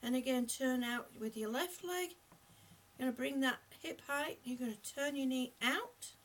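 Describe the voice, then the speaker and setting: A woman leading a gentle exercise class, giving step-by-step cues and repeating them to her viewers. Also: high voice, normal speed, far from the mic. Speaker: exercise instructor. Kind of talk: live-streamed seated exercise class.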